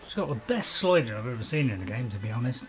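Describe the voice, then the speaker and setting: Talking fast with big swings in pitch, a mid-range British man gives let's-play commentary, chatting and poking fun at himself with frequent laughter. A dog barks nearby, and the audio is rough.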